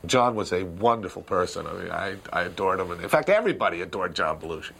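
A man spins candid stories from a film set, acting out the voices as he goes. His voice sits low but moves very expressively. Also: fast talker, gravelly, slight background noise. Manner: lively storyteller, acts out voices, laughs. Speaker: filmmaker recalling a production. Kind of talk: candid anecdotal interview.

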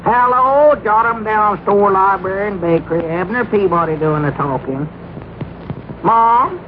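An actor playing an excitable, teasing country storekeeper with a drawl, in 1940s radio comedy. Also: male voice, measured pace, background noise. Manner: excitable, teasing, jumps up in pitch. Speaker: general store keeper. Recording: muffled old radio broadcast recording.

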